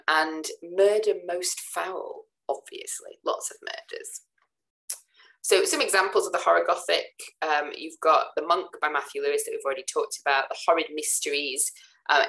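A woman lecturer giving a recorded talk over slides, relaxed and chatty, with many ums and "sort of" fillers. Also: sits low, poor audio. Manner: relaxed, casual asides to students.

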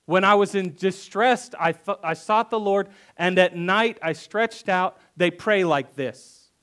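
Speaking at a measured pace, the pastor reads verses aloud in church and acts them out with emphatic repetition in a conversational sermon. His male voice sits high and sounds a bit bright.

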